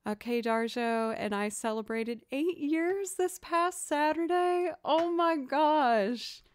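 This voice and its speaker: A woman's voice: medium pitch, smooth. A young woman from outside Boston chatting casually with her livestream viewers, talking about music and her loops with a self-deprecating humor. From outside Boston, Massachusetts. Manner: chatty, self-deprecating, reads chat aloud. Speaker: streamer and musician.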